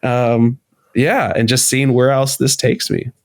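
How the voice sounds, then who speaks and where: A man's voice: flat delivery, slow pace, no room sound, studio quality. Candid man talking loosely, swearing as he goes. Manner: reflective, casual and profane, acts out his inner voices with rising pitch. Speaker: podcast guest, poet. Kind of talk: candid conversational interview.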